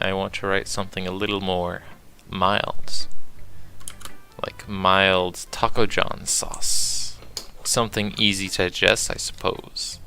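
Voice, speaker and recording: A man reading the lines of a shy, bookish teenage girl from a game, soft and polite. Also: fairly low pitch, gravelly, a little hiss or hum, heavily acted. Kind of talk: reading game dialogue aloud.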